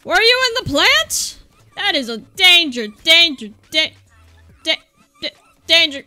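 Very high, bright-voiced excitable woman gamer. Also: slow, pauses often, dry recording. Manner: excitable, yelps and shouts, mock-rages at the game. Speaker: gaming YouTuber. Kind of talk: live gameplay commentary.

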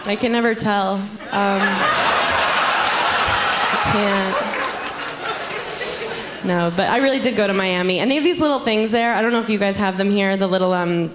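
Young woman doing stand-up, teasing crowd. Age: young adult. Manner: chatty, teasing the crowd, sudden high squeals in bits. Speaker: stand-up comedian. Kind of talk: stand-up comedy set. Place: comedy club stage. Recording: loud background noise from audience.

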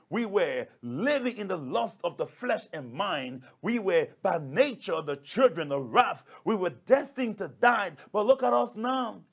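A man's voice: high-pitched, breathy edge. A male pastor preaching a sermon, emphatic and repetitive, addressing listeners as brothers and sisters. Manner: emphatic, repeats key phrases.

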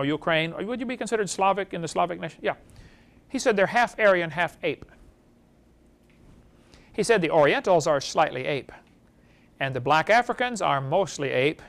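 A man lecturing to a live audience at a creation seminar, animated and throwing rhetorical questions at the room. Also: high voice.

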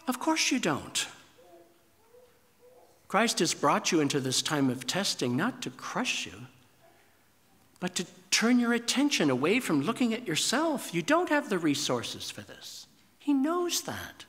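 Male pastor preaching, emphatic, pitch jumps up on questions, long church echo. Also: very animated, a little slow, pauses often, a bit bright. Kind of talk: sermon. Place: church sanctuary. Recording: reverberant church sanctuary.

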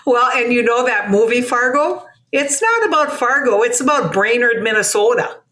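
A woman's voice: fairly high pitch, animated, moderate pace, bright, forceful tone. A woman with a North Dakota accent, a guest chatting easily and laughing often. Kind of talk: casual chat.

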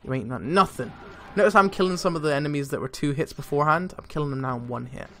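A young man giving casual, excitable gameplay commentary, swearing a lot and laughing often. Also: a little high, quick pace. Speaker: let's play gamer. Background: faint game music.

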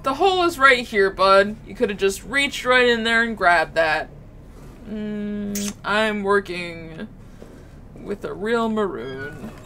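A woman's voice: medium pitch, lively intonation, slow pace, bright, forceful tone, slight background noise. A woman streaming a horror game, giving playful commentary and chatting to game objects and creatures. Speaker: gaming streamer.

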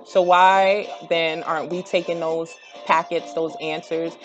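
A woman's voice: fairly low pitch, level tone, measured pace, lo-fi sound, faint music behind. A young woman, ranting straight at her audience in a blunt, profane way that climbs into heated outbursts. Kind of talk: impassioned direct-to-camera rant.

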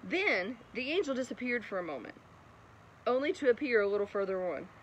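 A woman reads a bedtime Bible story in a fairly high voice and keeps breaking into chatty asides. Street traffic noise runs clearly behind her. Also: a little fast. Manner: chatty, laughs often, lively asides. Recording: noisy outdoor background with traffic.

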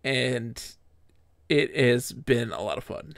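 A man's voice: medium pitch, animated, takes it slowly, gravelly, fairly bright tone, slight background noise. A male streamer reading a story with theatrical flair, then chatting casually with a mock-grand manner.

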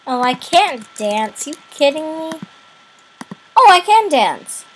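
A young woman reacting out loud to a game cutscene as a gaming video host, with emotional, expressive exclamations. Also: high voice, very slow, a little hiss or hum, poor audio. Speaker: gaming YouTuber.

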